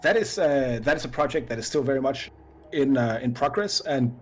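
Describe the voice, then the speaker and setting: Halting man signing off a stream. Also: mid-range voice, lively intonation, faint music behind. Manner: halting, many fillers and restarts. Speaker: co-host of a live-play stream. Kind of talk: casual sign-off chat.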